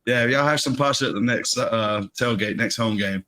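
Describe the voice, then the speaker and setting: A man's voice: medium pitch, normal speed, sharp tone. A man co-hosting a casual soccer fan podcast, laid-back, laughing often and swearing casually. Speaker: podcast co-host. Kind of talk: casual chat.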